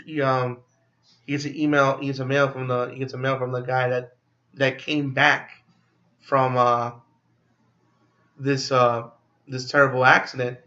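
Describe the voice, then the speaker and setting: A man's voice: mid-range voice, little pitch movement, unhurried, long pauses, pushed and bright, dull audio. A man casually recapping a film plot as a movie reviewer, rambling with many fillers and restarts.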